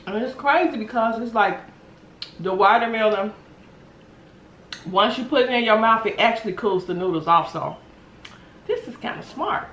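A woman's voice: fairly high pitch, animated, normal speed, pauses often, fairly bright tone, highs cut off, a little hiss or hum. Chatty woman eating on camera, echoey room. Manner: chatty, playful, mouth full, humming between bites. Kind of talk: casual mukbang chat.

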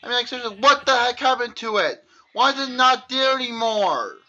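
A young gaming channel host comments on his own gameplay, exasperated and ranting again and again about lost items. His very high voice is animated, fairly quick, bright and forceful, though the recording's highs are cut off.

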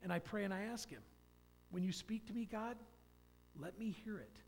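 A man's voice: high-pitched, moderate pace, gravelly, slight background noise. A man in his fifties giving a folksy, rambling personal testimony in church. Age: 50s. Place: church sanctuary. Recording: long church hall reverb.

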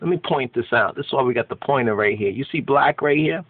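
A man's voice: mid-range voice, fast, noisy background. A man giving impassioned, preachy commentary on an article, emphatic and repeating his phrases. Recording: tinny phone-like dry sound.

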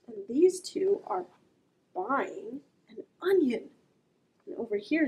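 A woman reading a picture book aloud to children as a librarian, gently asking the listener questions and drawing out the sound words. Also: high-pitched, expressive, measured pace, rough recording.

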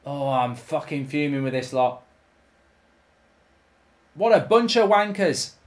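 A man's voice: on the high side, animated, slow. A man hosting his own channel, giving live commentary over a football management game, full of ranting, swearing and exasperated outbursts. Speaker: gaming YouTuber host.

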